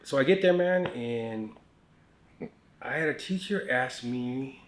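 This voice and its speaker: A middle-aged American man telling his life story candidly in a casual podcast conversation, with many fillers, restarts and quiet asides. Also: mid-range voice, lively intonation, takes it slowly. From United States.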